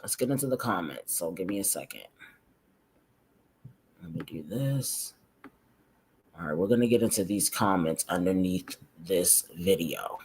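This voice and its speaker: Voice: deep voice, lively intonation, measured pace, long pauses, slight background noise. A livestream host reacting to a video and reading comments, chatty and slangy, calling viewers "y'all".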